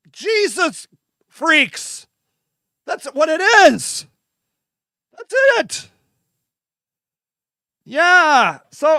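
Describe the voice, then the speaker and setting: Host, male, very high bright voice, dry close sound, loose irreverent riffing with shouted bursts. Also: dry recording. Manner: vamping, talks to his audience. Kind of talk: casual solo monologue.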